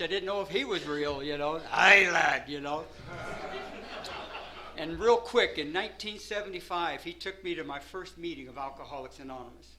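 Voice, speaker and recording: Older man, recovery meeting speaker, sharp bright tone, rambling then animated, faint noise behind. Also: a little high, poor audio. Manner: rambling storyteller, grows animated and laughing. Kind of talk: personal recovery story.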